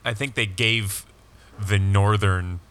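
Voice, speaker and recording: A man in casual podcast banter, answering with dry, teasing quips. His voice sits on the low side, bright and forceful, with a crisp, clean tone. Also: steady tone, slow pace. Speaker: podcast co-host. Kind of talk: casual chat.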